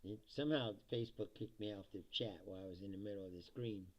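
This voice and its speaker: A man's voice: fairly low pitch, quick pace, rough recording. A man hosting a livestream, ranting about politics in a profane, mocking way, laughing often and mimicking quotes in a put-on voice. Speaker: livestream host.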